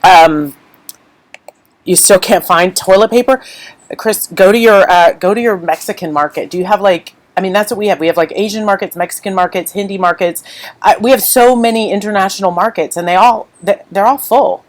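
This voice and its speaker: Her voice is mid-range and a little fast, recorded in low quality. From home, the craft streamer talks to viewers in a candid, emotional, unscripted ramble, holding back tears.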